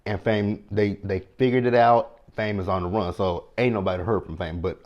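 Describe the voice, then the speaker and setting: A man's voice: fairly low pitch, moderate pace, lo-fi sound. A man, casually recapping a TV episode and talking straight to his viewers. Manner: chatty and animated, talks to viewers directly. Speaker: TV show recap host.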